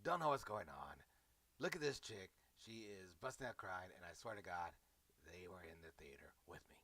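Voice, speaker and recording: A man's voice: sits low, expressive, moderate pace, fairly bright tone. A man giving a rambling, sarcastic comedic movie recap, mocking the fans. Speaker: movie reviewer.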